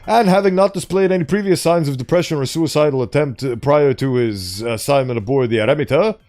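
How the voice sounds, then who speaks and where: A man reads horror fiction aloud and stumbles over tricky words before adding offhand, chatty comments. His fairly high voice is lively and swings widely in pitch. Quiet background music plays under him. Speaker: online reader and host. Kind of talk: reading horror fiction aloud with casual asides. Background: faint background music.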